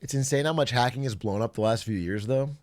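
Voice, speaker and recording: A man's voice: medium pitch, fast. A man streaming live, chatting casually with viewers in jokey, profane rants. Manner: swearing, animated, jokey rants. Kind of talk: casual livestream chat.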